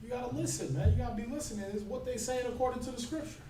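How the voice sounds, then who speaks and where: Captured from a distance in an echoey room with background noise, this man speaks at an extremely high pitch and a racing pace. He leads a scripture class in a loose sermon style, conversational and frequently asking "right?".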